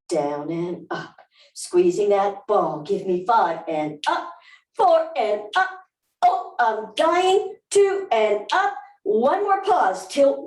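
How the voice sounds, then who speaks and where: A woman with a Southern US accent and a medium-pitched, darkish voice gives live barre instruction. Upbeat coaching, whoops and counts come through a distant, roomy recording.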